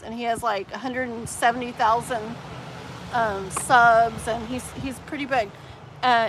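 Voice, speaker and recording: A woman in her thirties reading tarot on a live stream, chatting to viewers in a rambling, animated way. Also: fairly high pitch, a little hiss or hum, low-quality recording. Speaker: tarot reader.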